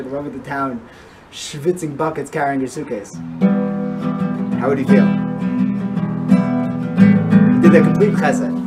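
A man giving a storytelling sermon, mixing in Yiddish and Hebrew words. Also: fairly high pitch. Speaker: rabbi giving a weekly Torah talk. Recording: from a distance, with loud guitar music.

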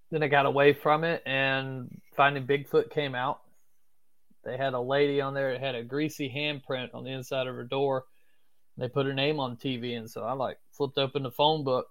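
A man's voice: mid-range voice, a bit bright. A man from Florida with a strong Southern US accent, a podcast guest telling stories in a laid-back, cursing manner. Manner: laid-back, swears freely. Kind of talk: casual storytelling.

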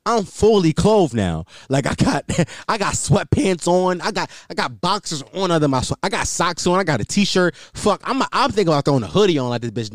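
Animated, crude-talking man telling a story. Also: fairly high pitch, normal speed, no echo, clean studio sound. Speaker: podcast host. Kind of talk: casual storytelling monologue.

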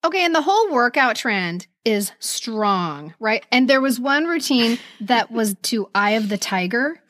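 A woman co-hosting a casual podcast chat, laughing often and chiming in with quick agreement. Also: fairly high pitch, animated, fairly bright tone, no room sound, studio quality. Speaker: podcast co-host.

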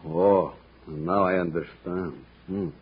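A man's voice: low-pitched, steady tone, slow pace, husky, full character voice. An actor playing a sly knife-wielding henchman in a 1950s radio drama. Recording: dull lo-fi old radio recording with faint hiss.

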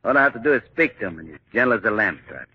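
Crude thug henchman, lively voice, dull old radio broadcast with hiss. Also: on the low side, very fast. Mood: gruff. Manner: coarse, ungrammatical speech. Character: rough male henchman and animal trainer, crude. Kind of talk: 1940s radio acting.

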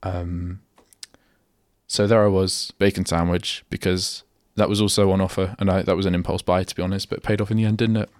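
A young man speaks a little fast in a low, level voice while hosting a solo radio show. He's chatty and rambling, often breaking off mid-sentence. The recording from his radio studio is dry and clean.

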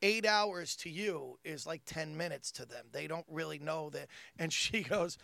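A middle-aged man spins stories in casual chat, animated and quick to laugh. His voice sits high with a gravelly edge and a bright tone. The sound is close and dry. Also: no room sound. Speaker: comedian.

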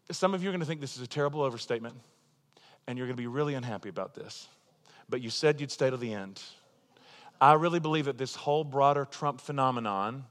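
A man preaching a sermon, swinging from quiet, confiding passages to loud, impassioned declarations. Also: mid-range voice. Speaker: pastor. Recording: long hall reverb.

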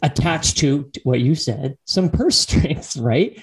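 A man's voice: fairly high pitch, animated, slow. A man hosting a casual interview podcast, musing reflectively with frequent listening murmurs. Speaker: podcast host.

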